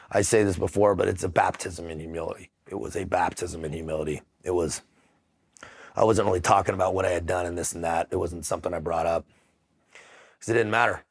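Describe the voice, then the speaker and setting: Middle-aged guy, low gravelly voice, swearing a lot, stops and restarts mid-sentence, casual interview talk. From United States. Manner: profane, blunt, halting restarts. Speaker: interview guest. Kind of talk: casual storytelling.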